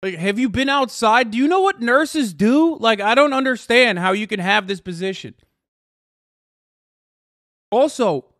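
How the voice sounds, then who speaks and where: A man's voice: sits high, fairly bright tone, no room sound, clean studio sound. A man reacting to clips in casual commentary, profane, sarcastic and exasperated.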